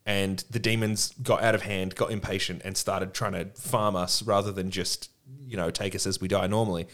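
A man co-hosting a podcast, talking in casual, animated, rambling chat and swearing freely. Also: low-pitched, normal speed. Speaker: podcast co-host.

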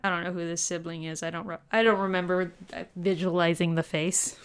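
A woman's voice: lowish voice, steady tone, fairly quick, smooth. A woman co-hosting a podcast, animatedly telling a dream in casual chat, swearing and laughing often. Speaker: podcast co-host.

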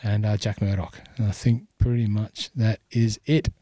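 A man's voice: lowish voice, steady tone, normal speed, warm tone, dry recording. A man hosting a golf podcast in casual, rambling chat full of fillers. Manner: rambling, lots of fillers and "you know". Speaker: podcast host.

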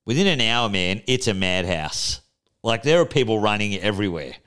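Young Aussie man, low smooth voice, relaxed storyteller on a podcast. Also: normal speed. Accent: Australian. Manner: laid-back storytelling, swears freely. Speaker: podcast co-host. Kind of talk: casual chat.

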